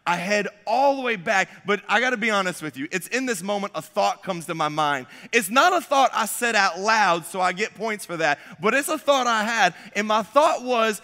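Young male pastor, high bright voice, casual self-deprecating storyteller, church hall reverb. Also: lively intonation, moderate pace, few pauses. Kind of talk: sermon. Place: church sanctuary.

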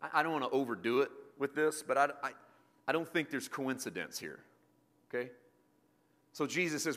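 Guy preaching a sermon, bright edgy voice, goes big then drops to quiet jokes. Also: mid-range voice, expressive, moderate pace, long pauses. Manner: swings from loud emphatic preaching to quiet asides; jokey, self-deprecating with the congregation.

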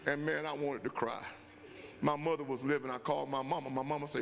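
An older man, a bishop and pastor, preaching at a Bible study and telling stories that climb into shouts, in a church sanctuary. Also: mid-range voice, fairly even intonation, fairly quick, gravelly, a little hiss or hum. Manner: storytelling preacher, rising to shouts. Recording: long church-hall reverb.

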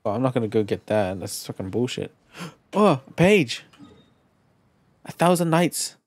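A man streaming a video game live, chatting casually, excitable and profane, with playful shouted exclamations. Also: medium pitch, unhurried, no room sound. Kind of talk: casual live gameplay commentary. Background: faint game music.

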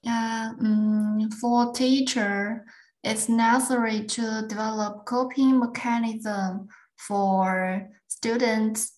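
Woman, English learner, slow, hesitant. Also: a little high, darkish tone, rough recording. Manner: hesitant, careful reading. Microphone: video call.

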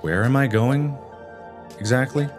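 A young man talking over his gameplay, lurching from low grumbles to sudden yells as he rages. His voice is bright and ringing, his pitch leaps wildly, and his slow talk runs over faint background music. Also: big pitch swings. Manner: swings from low mutters to loud yelling. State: frustrated and raging. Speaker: gaming video creator. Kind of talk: let's play commentary.

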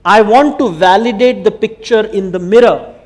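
A man with an Indian accent giving a conference talk, telling stories in an animated way and slipping Hindi phrases in. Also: high-pitched, normal speed. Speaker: speaker. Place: conference hall.

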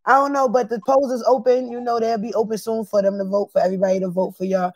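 Teasing laughing battle league co-host. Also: male voice, high voice, level tone, fast talker, no echo. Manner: laughing, teasing, crude banter. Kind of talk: casual chat.

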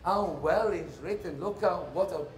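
A man with an Italian accent voicing a pompous male Inquisition judge who fusses over a letter, speaking lower and softer than his narration, in a roomy hall. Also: a little slow. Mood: admiring. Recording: roomy stage echo.

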